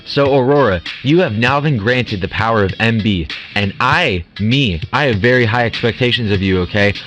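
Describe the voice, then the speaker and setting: A man's voice: mid-range voice, normal speed, a bit bright, soft background music, natural voice. A man voicing a teasing male game show host who is secretly a glob of ice cream, in a comedic audio drama. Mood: smug. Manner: teasing, playful.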